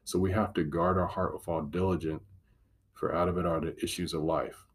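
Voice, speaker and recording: Low husky earnest Christian speaker, man. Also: flat delivery, fairly quick. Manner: earnest, encouraging, emphatic repetition. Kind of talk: devotional teaching talk.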